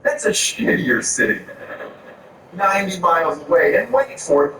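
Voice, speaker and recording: A man's voice: sits high, sing-song, normal speed, background noise. A man from Florida doing a stand-up set on a comedy club stage, ranting crudely. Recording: echoey room from far off, audience ambience.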